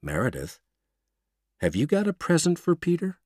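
A man reading a story aloud, voicing a calm, firm old grandfather who speaks low and hushed. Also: normal speed, dry recording, clean studio sound. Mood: steady.

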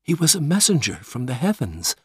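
A man reading a story aloud, voicing a gentle, dreamy young mother who speaks quietly from a hospital bed. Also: wildly swooping pitch, brisk, husky, dry recording, studio quality, full character voice. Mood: tender. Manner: soft, quiet, raised pitch.

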